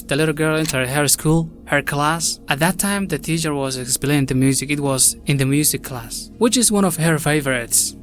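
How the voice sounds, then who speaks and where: A man tells a true-crime story in a chatty, casual way, talking straight to his viewers with loose phrasing. His voice sits a little high for a man, with faint background music running underneath. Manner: chatty, addresses viewers directly, non-native phrasing. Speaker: story narrator.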